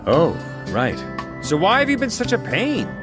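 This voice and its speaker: An actor playing an eager, slightly awkward young police officer in an animated cartoon. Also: male voice, sits high, a little slow, music in the background, exaggerated voice. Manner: lively, eager and a bit awkward. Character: eager young male cop.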